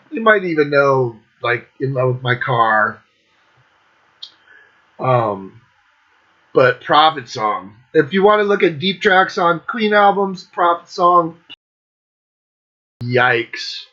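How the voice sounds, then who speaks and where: A man's voice: mid-range voice, fairly bright tone. A man hosting his own music show, ranking albums in a casual monologue, blunt and enthusiastic, swearing constantly. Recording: dull lo-fi recording.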